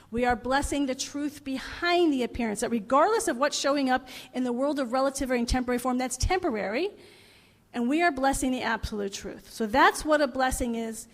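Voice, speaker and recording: A woman's voice: high-pitched, in a large hall. A woman minister giving a sermon in an earnest manner, often repeating phrases for emphasis. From United States.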